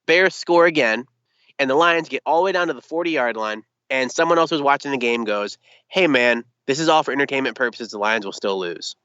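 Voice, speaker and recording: A young man talks sports in a loose, animated way, piling up comic exasperation as he tells the story. His voice is bright and forceful. It comes through slightly dull, with a dry, close sound. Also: mid-range voice, fairly quick, clean tone, dry recording. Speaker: podcast guest, sports commentator. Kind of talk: casual sports chat.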